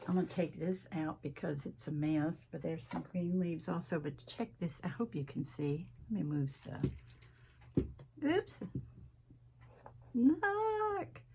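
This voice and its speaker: A woman's voice: low voice, a little slow, vocal fry, background noise. A middle-aged woman, chatting folksily to viewers as she crafts at home and rambling between stories. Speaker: craft vlogger.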